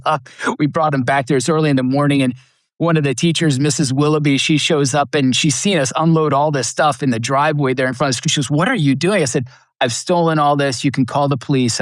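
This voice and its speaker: A man's voice: mid-range voice, no echo, clean studio sound. A middle-aged man, a podcast guest, earnestly telling a personal testimony and acting out the people he quotes. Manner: earnest storyteller, acts out quoted lines. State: emotional, near tears at times.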